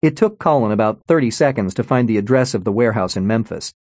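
A man narrating an audiobook in an expressive storytelling manner, on a close studio mic. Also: lowish voice, fast talker, no room sound. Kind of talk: scripted narration.

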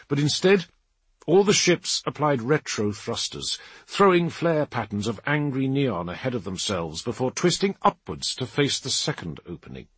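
A man narrating an action audiobook in a dramatic, lively reading. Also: mid-range voice, breathy edge, no room sound. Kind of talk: scripted narration.

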